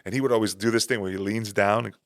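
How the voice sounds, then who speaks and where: A man hosting a podcast, telling stories in casual chat, animated and profane, acting out the people he quotes. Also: lowish voice, fast talker, dry recording, clean studio sound. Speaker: podcast host.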